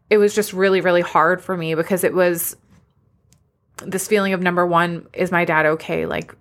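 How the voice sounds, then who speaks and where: Tearful woman, low flat voice. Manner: emotional, candid and reflective. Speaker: podcast host and business coach. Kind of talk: personal solo podcast talk.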